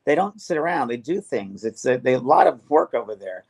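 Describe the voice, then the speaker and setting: A man's voice: medium pitch, sing-song, fairly quick, vocal fry, darkish tone, slightly rough. A middle-aged man, a medium hosting a casual conversation about spirit messages, earnest, with frequent restarts and repetitions. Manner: earnest, repeats himself with many restarts. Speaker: medium and show host.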